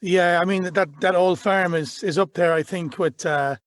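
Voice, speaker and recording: A man's voice: sits high, normal speed, no echo. A man hosting a football podcast, asking upbeat, leading questions. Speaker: podcast host. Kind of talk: interview questions.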